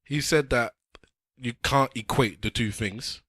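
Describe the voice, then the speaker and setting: Podcast host, male, argumentative banter, crisp bright tone. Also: mid-range voice, measured pace, dry recording, studio quality. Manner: argumentative, wraps up the show.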